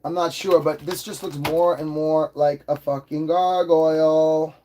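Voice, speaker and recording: A man hosting a casual livestream toy review, hyper and excitable, swearing freely as he talks. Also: a little high, unhurried, slight background noise.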